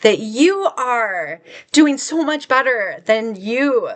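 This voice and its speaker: A woman's voice: a little high, big pitch swings, slow pace. A middle-aged woman speaking an earnest spiritual vlog message to her viewers, encouraging and reassuring, with many filler words. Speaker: spiritual content creator.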